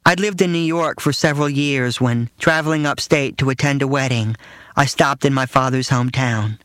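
A man's voice: mid-range voice, moderate pace, fairly bright tone, smooth, dry recording. A man narrating his own first-person memoir in a dry, matter-of-fact way.

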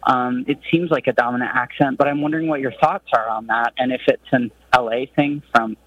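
A man's voice: medium pitch, steady tone, a little fast. A man from Arizona calling in to a radio show, asking his question curiously and a little hesitantly. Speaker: caller. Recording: dull phone line from a distance.

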